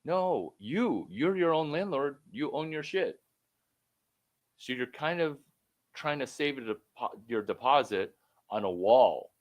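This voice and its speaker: A man coaching someone one-on-one over a call, blunt and profane, rambling with sudden loud bursts. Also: mid-range voice, lively intonation, slow pace. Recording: phone call.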